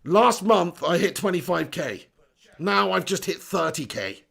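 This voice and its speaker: Excitable man hosting a live stream. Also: high-pitched, a little slow, vocal fry. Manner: excitable, laughing, swearing banter. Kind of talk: live stream chat, reading viewer messages.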